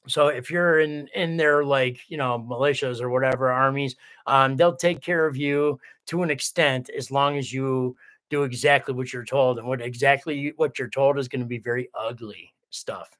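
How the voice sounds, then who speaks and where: A man's voice: mid-range voice, fairly even intonation, moderate pace, a bit bright. A man hosting a casual livestream, reading viewer comments aloud and rambling with lots of swearing and restarts. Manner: rambling, profane, full of restarts.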